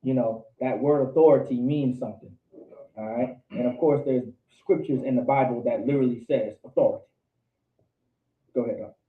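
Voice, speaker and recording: A man's voice: medium pitch, fairly even intonation, normal speed. A man leads a Bible study, firing questions at his students and hammering points home through repetition. His voice comes through thin and tinny, like over a phone line, and echoes around a room. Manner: quizzes students, repeats for emphasis. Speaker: Bible class teacher. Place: indoor meeting room with a class.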